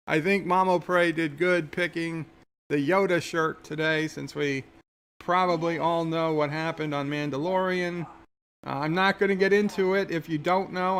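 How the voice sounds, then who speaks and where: A man's voice: a little high, vocal fry, a bit bright, a little hiss or hum. A man hosting a casual livestream, chatting loosely and reading viewer comments aloud, often restarting his sentences. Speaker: livestream host.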